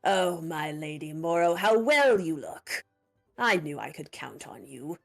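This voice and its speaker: A woman voicing a genteel, flattering male count who welcomes guests aboard his yacht. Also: on the high side, unhurried, gravelly, faint music behind, pitched below the performer's own voice. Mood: effusive. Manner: effusive, courtly, fawning.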